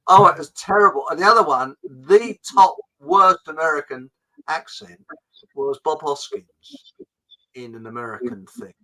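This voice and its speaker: A man's voice: a little high, normal speed, pushed and bright, poor audio. An English man hosting a casual chat show, rambling and chuckling with frequent restarts. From England. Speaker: host.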